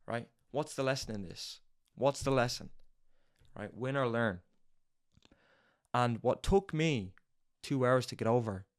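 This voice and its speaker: A young man hosts a motivational talk in an intense, swearing delivery. His voice sits at an everyday mid pitch, and he drives each point home by repeating it over and over. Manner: intense, profane, hammering repetition. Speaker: podcast host. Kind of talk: motivational monologue.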